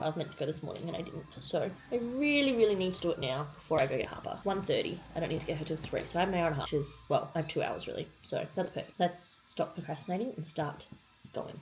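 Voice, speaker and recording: A woman's voice: fairly low pitch, rough recording. A woman vlogging to camera in a casual, rambling way, full of "like" fillers, as a mother of two. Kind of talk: casual chatty vlog to camera. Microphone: handheld pocket gimbal camera. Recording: loud background noise, ambience.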